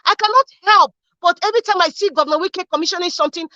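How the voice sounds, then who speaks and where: Speaking very fast with a pushed, bright, high voice, a political commentary host from Edo State, Nigeria, rants with fierce passion about politics. She's angry and fiery, repeating herself and asking many rhetorical questions, on a dull lo-fi recording with no echo.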